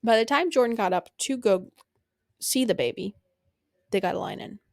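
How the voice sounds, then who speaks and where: A woman's voice: fairly high pitch, normal speed, a little mellow, no room sound, clean studio sound. A young woman hosting a podcast, telling a personal story in a casual, blunt and profane way, laughing along as she goes. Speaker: podcast host.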